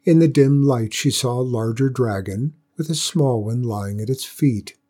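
Husky-voiced man reading a folktale. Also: mid-range voice, a little slow, mellow. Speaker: narrator. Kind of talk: storybook reading.

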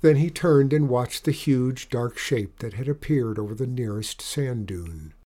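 A man narrating a storybook in an expressive, dramatic reading. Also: mid-range voice, unhurried.

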